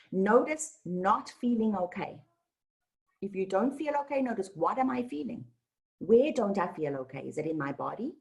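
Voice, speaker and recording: Woman teacher chatting at a satsang, lively and expressive, lots of "you know". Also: medium pitch, poor audio. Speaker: spiritual teacher. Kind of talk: casual satsang talk.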